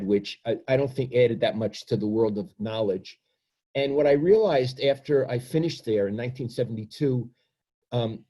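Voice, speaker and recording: A man in his 70s from Brooklyn, an author, speaks at medium pitch in a warm tone. He reads from his book and afterward reflects on himself with self-deprecating humor.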